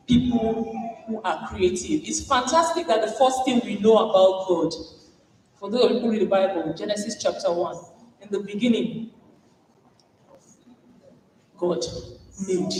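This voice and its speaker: Animated Nigerian woman in an echoey hall. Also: medium pitch, takes it slowly, pauses often, distant mic, a little hiss or hum. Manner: animated, acts out dialogues with Pidgin asides. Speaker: conference speaker. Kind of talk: motivational keynote talk.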